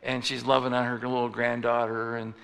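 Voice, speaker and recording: A man's voice: mid-range voice, monotone, brisk, gravelly, a bit bright, clear, resonant tone, long reverb tail. A man preaching a sermon in a conversational way, often restarting his phrases and acting out little stories. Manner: conversational, with frequent restarts and acted-out anecdotes.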